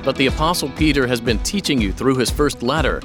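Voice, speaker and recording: A man gives a scripted ministry announcement in a calm, reassuring voice at a middle pitch. Music plays clearly beneath his words. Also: a little fast. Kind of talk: scripted narration.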